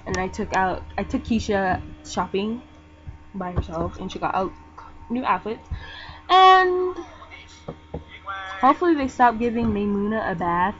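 Young woman gamer, soft and low-voiced, rambling chatty commentary over game music on a muffled mic. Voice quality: soft-spoken, talks low. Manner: rambling, chatty, lots of fillers. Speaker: gaming vlogger. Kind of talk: casual gameplay commentary.

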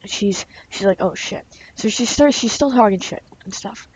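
A woman's voice: medium pitch, moderate pace, darkish tone, slightly rough. A woman vlogger telling a story in a casual, chatty way, with many fillers and some laughter. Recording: dull lo-fi recording.

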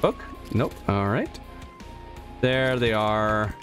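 Lively young man chatting while gaming. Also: mid-range voice, normal speed, faint music behind. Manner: chatty, reads chat aloud, easily startled. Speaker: gaming streamer. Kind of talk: casual live gameplay chat.

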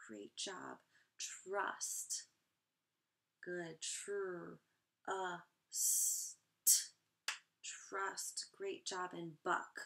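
A woman teaching a first grade phonics lesson online, encouraging and clearly sounding out each word for young children. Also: fairly low pitch, steady tone, very slow, bright, forceful tone.

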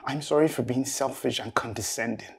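An actor playing a jealous, threatening jilted man who shouts accusations in a film. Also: medium pitch, fairly quick, vocal fry, slight background noise, natural voice. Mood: pleading. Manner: shouting accusations, then pleading. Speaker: jealous ex-partner. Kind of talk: film acting.

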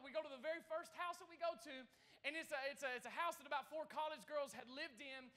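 High, bright-voiced animated pastor. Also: male voice, fast. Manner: animated storytelling to a congregation. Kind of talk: sermon. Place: church service.

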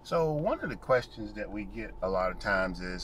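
A man's voice: on the low side, normal speed, a little hiss or hum. Chatty man vlogging. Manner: relaxed, chatty, laughs easily. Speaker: RV travel vlogger. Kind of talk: casual chat to camera.

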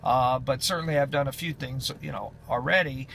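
A man's voice: medium pitch, a little fast, gravelly, fairly bright tone, slight background noise. A man who drives runs chatting casually in a vlog update, rambling with many fillers and restarts. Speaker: truck driver vlogger.

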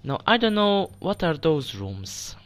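A man's voice: fairly high pitch, sing-song, measured pace, slight background noise. A young man giving casual gameplay commentary, jumpy, swearing often and stammering when startled. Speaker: let's play gamer.

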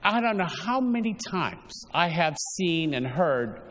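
High-voiced man preaching in a reverberant church. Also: very animated, a little slow, fairly bright tone, slight background noise. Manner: chatty, coaxing, with restarts and asides. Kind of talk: casual homily.

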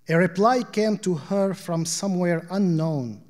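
A man reading short fables aloud at a literary panel in a measured, deliberate way. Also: sits high, darkish tone. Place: arts center auditorium. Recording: long hall reverb.

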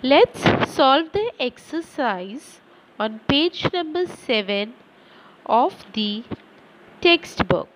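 Slow, lively-voiced woman teacher. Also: high-pitched, a little hiss or hum, rough recording. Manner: slow and deliberate, reads word lists aloud; addresses children directly. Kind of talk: slow classroom lesson.

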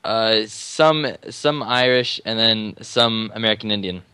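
A man's voice: on the low side, a little slow, pushed and bright, clean tone, no room sound. A man chatting casually and joking with friends while playing an online game. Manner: laughing, joking banter. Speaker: gamer. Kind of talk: casual gaming chat.

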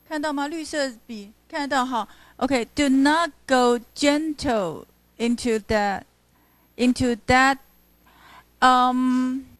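A woman teaches a university poetry class, reading lines aloud to show where the stresses fall. Her voice sits fairly high and sounds close and dry, with little room around it. She often stops to check with her students. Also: dry recording. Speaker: literature professor. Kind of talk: classroom lecture mixing English and Mandarin.

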